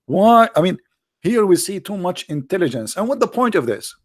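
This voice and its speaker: A man's voice: high-pitched, sing-song, normal speed, no room sound, clean studio sound. A man from the Arab world with an Arabic accent, hosting a casual commentary in a mocking, sarcastic manner. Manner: mocking, sarcastic, jumps into voices. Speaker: host.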